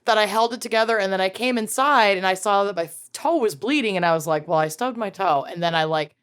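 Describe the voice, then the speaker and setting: A woman's voice: mid-range voice, quick pace, clean tone. A woman co-hosting a podcast in casual chat, telling stories with dramatic retellings. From Minnesota. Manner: animated storyteller, dramatic retelling. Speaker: podcast co-host.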